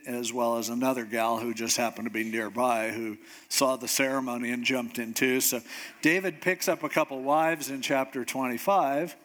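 A man preaching in a casual, conversational way, retelling a scripture story with slang and lively asides. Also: mid-range voice.

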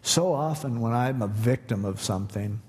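A man's voice: medium pitch, moderate pace, a little mellow. A man, a pastor, teaching a Bible passage in a casual, conversational way and voicing its lines as plain questions. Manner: paraphrases scripture in a casual, questioning voice. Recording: long hall reverb.

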